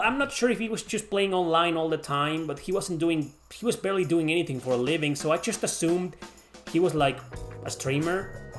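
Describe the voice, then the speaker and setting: A man casually answering chat questions on a livestream, rambling and swearing freely. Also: fairly high pitch.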